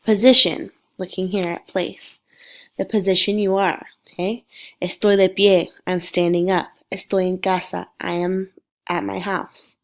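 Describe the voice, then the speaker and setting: A woman, a Spanish teacher with a cold and sniffles, giving a patient, clearly explained recorded lecture. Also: mid-range voice, flat delivery, measured pace. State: sick with sniffles.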